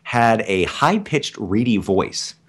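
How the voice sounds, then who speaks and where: A male stage actor being interviewed, chatting in an animated, talkative, self-deprecating way. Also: lowish voice, slow pace, slightly rough. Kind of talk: casual interview chat.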